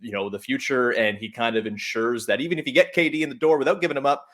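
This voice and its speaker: A man joining a sports podcast as a guest analyst, chatting casually with jokes and quick asides. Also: mid-range voice, steady tone, fairly bright tone.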